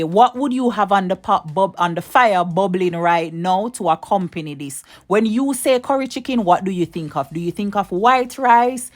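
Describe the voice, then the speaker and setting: A woman hosting a cooking video, chatting with viewers and giving step-by-step tips. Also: mid-range voice. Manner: chatty, addresses viewers directly, repeats advice. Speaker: cooking channel host. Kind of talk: casual cooking tutorial.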